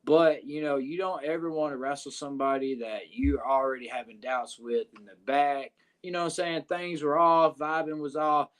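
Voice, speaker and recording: This Southern-accented wrestler tells a podcast a locker-room story at normal speed, his fairly high, slightly bright voice flat and with hardly any pauses. He swears often and rambles, using "uh" and "you know what I'm saying" constantly.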